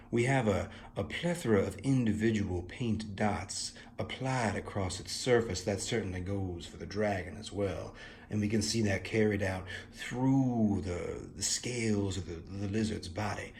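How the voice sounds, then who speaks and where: A man's voice: lowish voice, a little hiss or hum. A young man casually reviewing the art of a card deck, musing and thinking aloud, with playful asides and many fillers.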